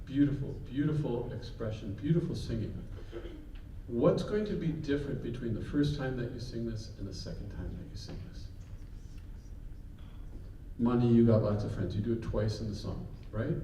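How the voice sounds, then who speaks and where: A man's voice: medium pitch, moderate pace, mellow, slight background noise. A man coaching a vocal group, counting in and singing short example phrases. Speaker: vocal clinician. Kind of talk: choir coaching. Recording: echoey room, mic far off.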